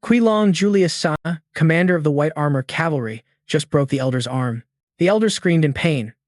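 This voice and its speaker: A man narrates a story recap in a steady, scripted way. His voice sits fairly high. The recording is dry and close. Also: moderate pace, dry recording.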